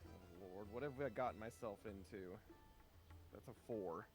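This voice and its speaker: A man playing a tabletop game, chatting in a relaxed way as he describes his character's actions. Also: lowish voice, moderate pace, music in the background. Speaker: player.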